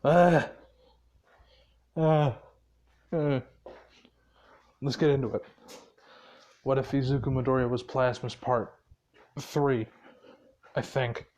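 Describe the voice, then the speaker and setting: A man's voice: mid-range voice, fairly even intonation, slow pace, pauses often, a little mellow. A tired man casually retelling a fan story, rambling with many fillers and a lot of swearing.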